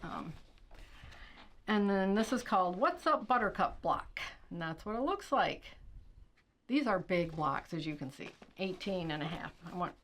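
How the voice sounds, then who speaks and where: A middle-aged woman hosting a casual quilting unboxing, chatting and thinking out loud, with stretches where she reads product blurbs aloud. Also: fairly low pitch, lively intonation, unhurried, slight background noise. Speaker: quilting channel host.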